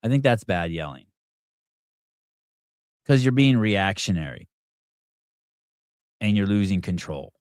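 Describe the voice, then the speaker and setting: Rambling low-voiced man hosting a chat show. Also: expressive, measured pace, pauses often, no echo, clean studio sound. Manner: rambling, restarts often, shouts quoted yells. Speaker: podcast host. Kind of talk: casual morning show chat with callers.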